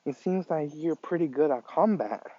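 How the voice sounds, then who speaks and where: A man's voice: a little high, expressive, normal speed, mellow, dry recording, lo-fi sound, natural voice. A man voicing a shy, friendly teenage girl who asks things hesitantly.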